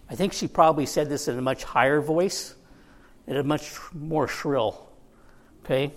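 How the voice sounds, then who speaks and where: A man's voice: fairly high pitch, a little slow, pauses often. A man preaching a conversational sermon as pastor, with joking asides to the congregation.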